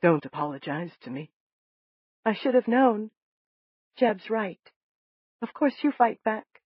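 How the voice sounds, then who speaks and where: A narrator voicing a gentle, hurting young man in an audiobook, speaking softly and earnestly. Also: mid-range voice, big pitch swings, slow pace, breathy edge, no room sound, muffled recording, pitched above the performer's own voice, exaggerated voice. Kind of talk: audiobook character voice.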